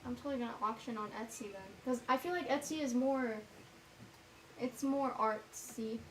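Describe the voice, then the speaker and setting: A woman vlogger chatting casually to herself as she paints, rambling and self-mocking as she thinks out loud. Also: fairly high pitch, moderate pace, a little hiss or hum, low-quality recording.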